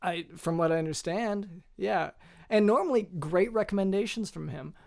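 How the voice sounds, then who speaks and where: A man hosting a podcast, telling a deadpan comic story in a halting, hesitant way with many restarts. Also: sits high, gravelly. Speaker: podcast host.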